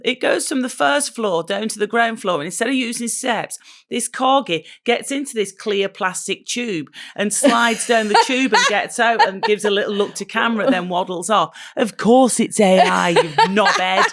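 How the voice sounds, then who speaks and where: Middle-aged English woman, podcast co-host, gravelly low voice, jokey and chatty. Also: a bit bright. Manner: chatty, jokey storyteller, swears lightly. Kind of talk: casual chat.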